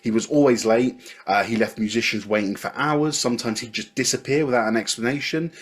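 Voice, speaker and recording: A man's voice: mid-range voice, a little fast, husky. A man co-hosting a music podcast in casual chat, telling anecdotes from his notes with lots of restarts. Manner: anecdotal, reads from notes, chatty with frequent fillers and restarts. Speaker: podcast co-host.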